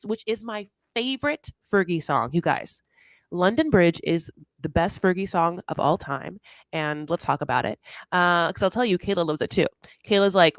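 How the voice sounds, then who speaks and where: Lively woman telling a dramatic recap. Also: on the low side, normal speed, dry recording. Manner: lively storyteller, dramatic asides. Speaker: podcast co-host. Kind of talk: casual reality-TV recap chat.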